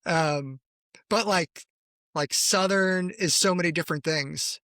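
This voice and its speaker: A man's voice: on the high side, slow, pushed and bright, no room sound, studio quality. A man co-hosting a podcast in casual chat, talkative and giggly, often trailing off mid-thought. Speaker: podcast co-host.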